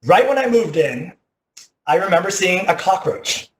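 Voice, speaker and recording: A man in his thirties telling a personal story as a motivational talk, animated, often saying "like", with loud bursts at dramatic moments. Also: sits high, moderate pace, a little hiss or hum. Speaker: teacher giving a motivational talk. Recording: echoey room.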